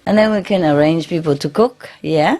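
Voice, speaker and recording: A woman's voice: deep voice, moderate pace, warm tone. A woman giving an informal spiritual talk to her followers, chatty and laughing often, tagging her phrases with "yeah?" and speaking English as a second language with many fillers and restarts. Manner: non-native English grammar, frequent fillers and restarts. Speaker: spiritual teacher.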